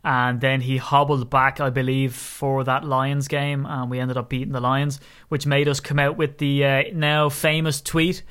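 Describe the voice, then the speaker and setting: A man's voice: moderate pace, hardly any pauses, smooth. A man co-hosting a casual sports podcast, joking and exaggerating as he talks. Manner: animated, joking, exaggerating with rising pitch. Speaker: podcast co-host.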